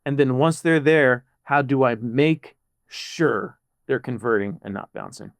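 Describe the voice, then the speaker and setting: A man, a product manager, explaining ideas in a casual podcast chat with quick animated bursts. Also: medium pitch, gravelly, no room sound.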